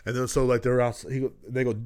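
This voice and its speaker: Telling meandering, foul-mouthed stories and laughing along, this Texan podcast host talks quickly in a monotone. His mid-range voice is a little mellow, clear, and resonant.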